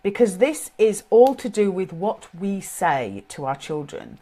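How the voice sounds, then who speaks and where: A woman's voice: medium pitch, big pitch swings, measured pace, dark tone. A middle-aged woman with a British accent giving an informal, earnest talk on parenting, thinking aloud as she goes. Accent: British English. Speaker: parenting coach.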